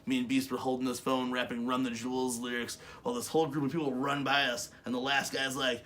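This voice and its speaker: A man casually telling stories as co-host of a webshow, animated and swearing, with loud bursts. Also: mid-range voice, fast, hardly any pauses, slight background noise. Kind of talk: casual storytelling chat.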